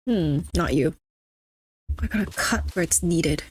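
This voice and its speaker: A woman's voice: fairly low pitch, expressive, measured pace, a little hiss or hum. A young adult woman streaming a game, chatting casually and teasing her chat with mock-snobby banter. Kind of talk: casual live-stream chatter while gaming.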